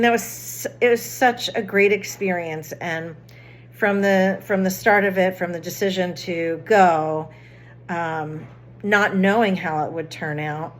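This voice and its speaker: Woman, lowish voice, casual rambling story, fillers and restarts, faint background noise. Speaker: vlogger.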